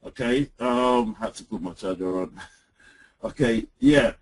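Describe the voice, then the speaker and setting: A man with a husky, slightly breathy voice talks through a software demo on an online call. He speaks at an ordinary pitch, hesitating often and filling gaps with "uh" and "um" as he clicks through the screen. It sounds like a computer mic on a web call. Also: slow pace, rough recording. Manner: hesitant, lots of "uh" and "um". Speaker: webinar presenter.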